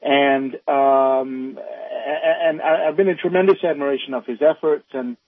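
A man calling into a radio talk show, speaking in a halting, heated way full of restarts. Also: mid-range voice, no room sound. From northern United States. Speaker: caller. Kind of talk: call-in radio comment. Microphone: phone. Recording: tinny phone line.

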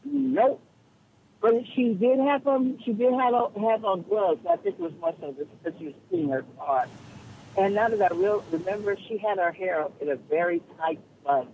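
A man calling in to a radio show, telling a story in an animated, indignant way. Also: high-pitched. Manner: animated, indignant, quick retorts. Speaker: radio call-in caller. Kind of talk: casual storytelling on a call-in show. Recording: tinny phone line with faint hiss.

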